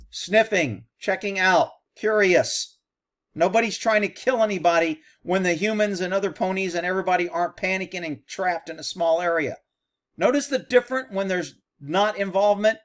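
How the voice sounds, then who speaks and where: A man's voice: sits high, animated, moderate pace. A man, a horse trainer, giving blunt, sarcastic reaction commentary over a video.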